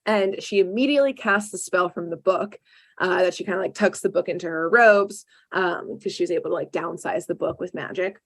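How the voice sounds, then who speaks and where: Animated woman recapping a cartoon. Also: lowish voice, fairly quick. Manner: animated storyteller acting out characters with many "like" fillers. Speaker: podcast host. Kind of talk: casual chat, recapping a cartoon episode.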